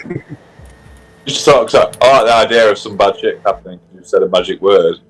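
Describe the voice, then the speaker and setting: A low-voiced man talks casually as a player at a tabletop game. He is playful and loose, with small hesitations as he thinks aloud. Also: fast, a little hiss or hum, rough recording. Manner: playful, laughs easily. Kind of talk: casual chat.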